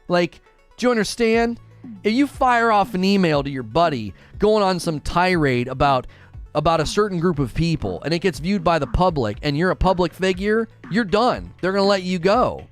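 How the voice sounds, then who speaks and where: A man's voice: high-pitched, expressive, normal speed, soft background music. A young man hosting a gaming talk show, ranting emphatically and repeating himself. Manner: heated, emphatic, repeats phrases. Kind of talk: live stream talk show rant.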